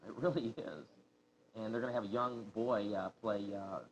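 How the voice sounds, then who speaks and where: A man co-host with a fairly low voice chats easily on air, reading viewer mail with plenty of fillers. The audio is dull and lo-fi, like an old TV broadcast. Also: fairly even intonation, moderate pace. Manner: easygoing, reads viewer mail with many fillers. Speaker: shopping channel co-host. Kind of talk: casual on-air chat.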